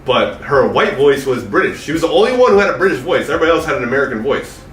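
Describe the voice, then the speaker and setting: A man's voice: medium pitch, very animated, rapid-fire, fairly bright tone, soft background music. A man casually reviewing a movie with friends, rambling with lots of fillers. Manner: loose, rambling, many fillers. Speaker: podcast co-host. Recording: echoey room, distant mic, faint noise.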